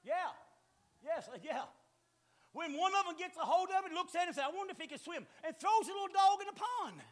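High-voiced preacher, folksy. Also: male voice, expressive, brisk. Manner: folksy storytelling, rising to hollering preaching. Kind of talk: sermon.

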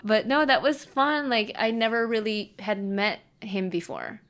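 Podcast host: woman with a fairly high, bright voice, chatty and quick to laugh at herself. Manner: laughing, chatty, self-mocking. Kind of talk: casual podcast chat.

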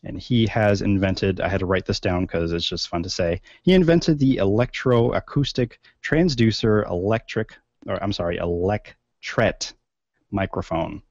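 Gravelly low-voiced man hosting a podcast. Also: expressive, normal speed, few pauses, no echo. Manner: rambling, many fillers and restarts. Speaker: podcast co-host. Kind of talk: casual podcast chat. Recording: dull, lo-fi sound.

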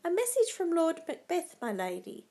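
A woman's voice: very high-pitched, wildly swooping pitch, moderate pace, warm tone, pitched above the performer's own voice, heavily acted. A woman voicing a deferential male castle servant delivering a message politely.

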